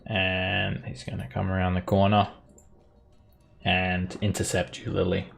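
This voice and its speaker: Low gravelly man running a tabletop game. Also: monotone. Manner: explains rules patiently, narrates action briskly. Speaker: dungeon master.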